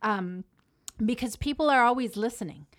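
Woman, podcast host, faith chat, earnest, slightly high voice. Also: expressive, fairly bright tone. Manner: earnest, reads scripture slowly, fillers. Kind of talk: casual faith talk.

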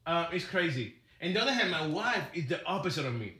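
Casual male co-host, 30s, animated storyteller, crisp bright tone, slightly high. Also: fast, reverberant. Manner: animated, acts out quotes in put-on voices. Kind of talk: casual chat.

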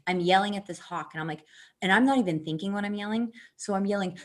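A woman telling a long, animated, profanity-laced story in casual chat, laughing often. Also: medium pitch, brisk.

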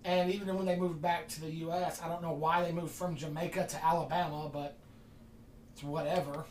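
Recorded on a far-off mic in an echoey room, with faint ambience and slight hiss or hum, this podcast host speaks fairly quickly at a middle pitch. He rambles casually and animatedly, performing every bit of quoted dialogue.

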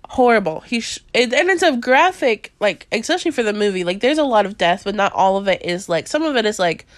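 A young woman hosting a casual podcast about movies, talking in an animated way with a lot of fillers and frequent laughter. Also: mid-range voice, a little fast, dry recording, clean studio sound. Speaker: podcast host. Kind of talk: casual chat reviewing movies.

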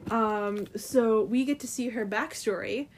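A woman's voice: a little high, measured pace, darkish tone, slight background noise. A woman in casual chat, retelling a comic's story in a loose, filler-heavy way full of "like" and "um".

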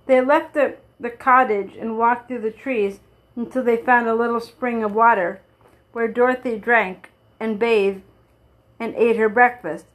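A woman reads a children's storybook aloud in a fairly high voice. She keeps a steady, plain narrating pace and stumbles now and then before going on. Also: a little slow, rough recording. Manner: steady reading with small slips and restarts. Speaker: reader.

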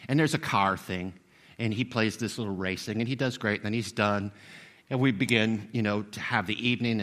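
A man in his sixties, a pastor giving a sermon in a relaxed, conversational, self-deprecating way, full of fillers and restarts. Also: lowish voice. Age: 60s. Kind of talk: sermon with personal story.

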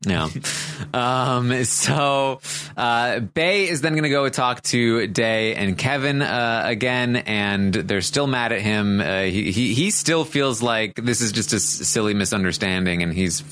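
A man's voice: mid-range voice, measured pace. A man hosting a podcast, recapping events in an easygoing chat, with lots of fillers and restarts. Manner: animated storytelling with many fillers and restarts. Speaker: podcast host.

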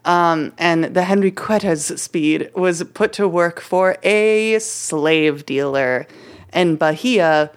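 A woman's voice: on the low side, slow, clean tone. Chatty woman telling a history story. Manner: chatty, hesitant with many fillers. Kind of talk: casual storytelling chat.

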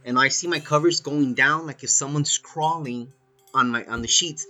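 Animated, swearing man telling a story. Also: fairly high pitch, moderate pace. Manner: swears a lot, animated, says "dude" often. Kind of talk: casual storytelling.

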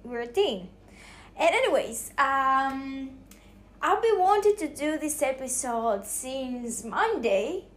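A woman hosting her own podcast from her kitchen at home, talking in a rambling, halting way with many restarts, and emotional. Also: high-pitched, sing-song. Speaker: podcast host. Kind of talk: casual solo podcast talk.

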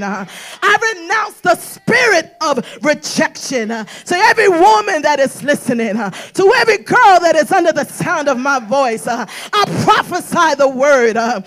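A woman preaching a prophetic sermon, shouting and sing-songing her lines with "uh" between phrases and calling her listeners "sis" and "girl". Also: sits high. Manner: shouting, sing-song preaching with breathy "uh" fillers; exhorting women as "sis" and "girl".

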